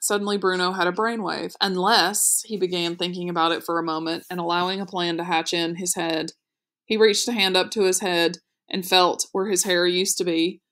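A woman's voice: lowish voice, fairly bright tone. Woman reading a novel aloud. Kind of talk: audiobook read-aloud narration.

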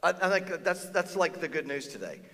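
In a large church auditorium with long reverb, a male pastor preaches a sermon at normal speed. His fairly high voice is bright and forceful, and his manner is casual, conversational, and animated as he acts out quoted voices.

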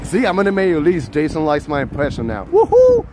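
A man's voice: fairly high pitch, quick pace, background noise. A man hosting a casual live street vlog from a busy city street outdoors, chatty and laughing often as he reads out the chat. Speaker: livestream host.

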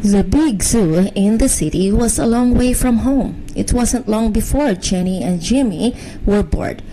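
Slow, gentle woman reading a bedtime story. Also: mid-range voice, lively intonation, a little hiss or hum, poor audio. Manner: slow, gentle, soothing read-aloud.

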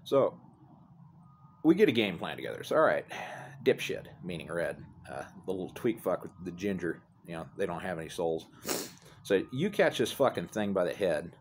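Standing outside near apartments, a middle-aged man tells his phone camera a meandering story, swearing and poking fun at himself. His low voice has a sing-song quality at normal speed, and there's a little hiss or hum.

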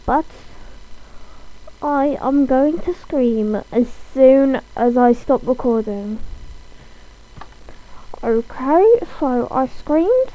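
High, slow-talking playful woman gamer. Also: mellow, low-quality recording. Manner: playful, rambling, mock-dramatic. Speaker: gaming video creator. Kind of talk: silly gaming commentary on a call.

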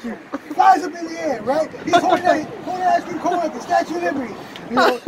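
A man's voice: extremely high pitch, fast, a loud crowd. A man in his fifties telling crude jokes and stories in casual talk, profane and laughing at his own punchlines. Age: 50s. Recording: loud wind and boat engine noise.

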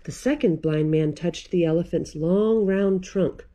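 A woman's voice: lowish voice, measured pace, warm tone, a little hiss or hum. A woman librarian reading a picture book aloud to children, playful and laughing often.

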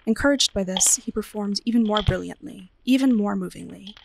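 A woman librarian reading a ghost story aloud in an expressive, dramatic storytelling manner. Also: mid-range voice, a little fast, gravelly, background noise.

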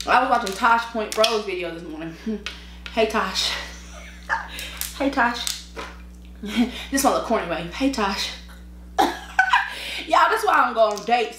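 A fairly high-pitched woman, tired but animated, chats casually while eating on camera as a mukbang vlogger. Her stories are slangy and full of laughs, with eating and sipping between sentences. She records with her own microphone in an echoey room, with a faint hiss or hum.

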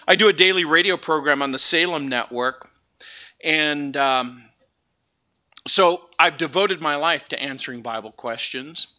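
A man preaching from the pulpit in a bright, forceful voice, pitched a little high. He mixes playful stories with scripture, and the sound carries in a church sanctuary. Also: unhurried. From Southern California. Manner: joking, lively storytelling. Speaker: pastor. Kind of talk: sermon.

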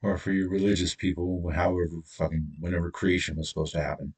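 Male channel host, combative profane ranter, lowish husky voice. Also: level tone, a little fast, few pauses, far from the mic. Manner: profane, blunt, confrontational. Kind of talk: angry solo rant to camera.

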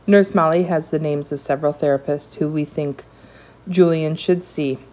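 A woman reading aloud voices a gentle, measured male school director. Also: low-pitched, fairly even intonation, natural voice. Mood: calm.

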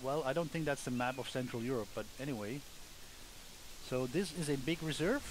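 A man's voice: medium pitch, fairly quick, slight background noise, poor audio. A man casually commenting on a hunting video game as he plays, thinking aloud with wry asides. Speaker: gamer, let's play host.

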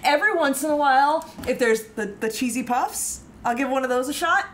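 A woman's voice: sits high, lively intonation, a little fast, slight background noise. A woman from the United States co-hosting a baking livestream, chatting casually, laughing often and reading the live chat aloud.

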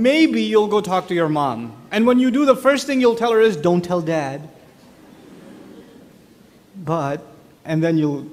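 A man giving an animated religious talk, telling stories and putting questions straight to his audience. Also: sits high, in a large hall. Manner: animated storyteller, addresses the audience directly with questions. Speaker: speaker at an Islamic lecture. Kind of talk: lively conversational religious talk.

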